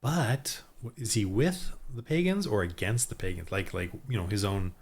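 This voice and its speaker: A man with a fairly low voice talks to himself while he rolls dice and builds characters for a tabletop game. He mutters, stops halfway through words and starts again, and thinks everything through out loud. Typing on a keyboard is heard now and then. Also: slightly rough. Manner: muttering to himself, halting, many restarts. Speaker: solo tabletop game designer. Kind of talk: thinking aloud while rolling up town characters.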